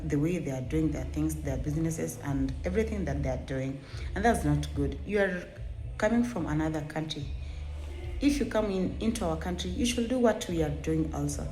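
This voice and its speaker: A woman hosting a reaction video, giving earnest and emphatic commentary that is sometimes slow and halting. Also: sits low, dark tone. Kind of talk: opinionated commentary. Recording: echoey room with faint ambience.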